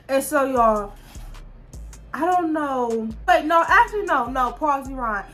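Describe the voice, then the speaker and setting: A woman's voice: high voice, animated, a little slow, fairly bright tone, soft background music. A young woman, talking straight to her viewers in a candid, profane storytime monologue full of restarts. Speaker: vlogger.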